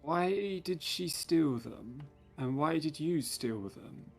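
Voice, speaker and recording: Man playing slow gravelly old turtle peacemaker. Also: fairly high pitch, lively intonation, soft background music, full character voice. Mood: calm. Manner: slow, measured, mediating.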